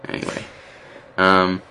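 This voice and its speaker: Man, podcast co-host, joking banter, laughs a lot, rambling, lowish voice, bright tone. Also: clean tone. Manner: laughs often, playful, rambling.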